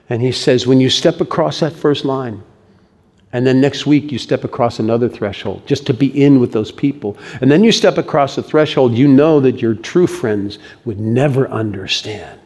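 Male pastor mid-sermon, expressive delivery with rises and quiet drops. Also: medium pitch, moderate pace. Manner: animated preaching, swings from loud to hushed.

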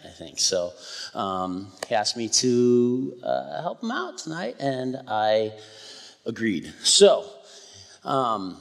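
A man filling in as preacher, praying and reading scripture in a soft, halting way with fillers and restarts. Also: on the low side. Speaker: pastor's son filling in as preacher. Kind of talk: church sermon with prayer and scripture reading. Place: church hall. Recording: live church recording with long hall reverb.

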